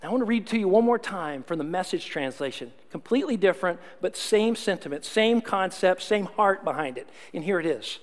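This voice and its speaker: Man, pastor, sermon, high voice, earnest, soft and slow on scripture. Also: lively intonation, big-room sound. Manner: earnest, slows and softens to near whisper reading scripture.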